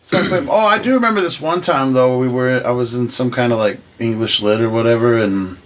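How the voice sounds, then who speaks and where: A man's voice: medium pitch, a little fast. A man on a podcast chatting casually, swearing freely and laughing as he talks. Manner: laid-back, profane, laughs while talking. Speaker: podcast co-host. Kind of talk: casual chat.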